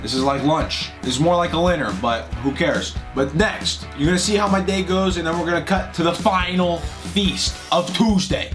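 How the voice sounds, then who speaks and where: A man's voice: on the high side, normal speed, few pauses, music in the background. A young man vlogging for comedy, goofy and hyping up his lines. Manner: goofy, hypes every line up. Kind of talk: comedic vlog and reaction.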